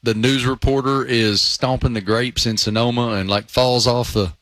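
A man who is a guest on a sports talk show, telling animated anecdotes with many fillers. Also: medium pitch, moderate pace, dry recording. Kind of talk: casual sports chat.

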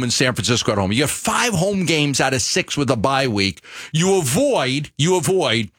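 A man with a New York accent co-hosting a sports radio show, talking casually in an animated, halting way with many restarts. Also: a little high.

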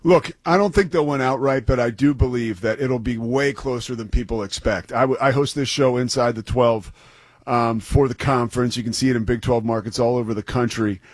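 A man's voice: mid-range voice, brisk, no room sound. A man who is a play-by-play broadcaster, co-hosting a sports talk show in an enthusiastic, rambling, self-deprecating way. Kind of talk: sports talk radio banter.

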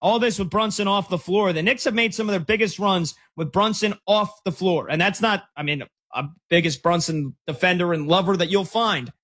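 A man hosting a sports talk show, excitedly reacting to a live game and reading listener texts. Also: high voice. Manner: excitable, rapid, breaks into shouts. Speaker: sports radio host.

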